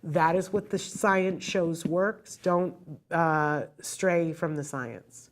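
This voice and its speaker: A woman's voice: on the low side, slow. A middle-aged woman host giving earnest, heartfelt advice to parents in a direct, emphatic way.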